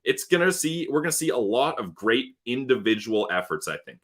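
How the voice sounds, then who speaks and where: A man co-hosting a live hockey show, talking fast and emphatically about the team. His voice is bright and forceful, and he keeps the energy up in a casual chat tone. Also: mid-range voice. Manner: excited, emphatic hockey analysis. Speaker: podcast co-host. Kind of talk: casual sports talk livestream.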